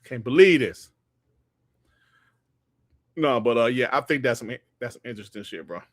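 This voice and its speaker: An older man hosting a casual gaming podcast, reading the live chat and trash-talking with loud, profane banter and frequent laughter. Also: mid-range voice, animated, quick pace, no echo, clean studio sound.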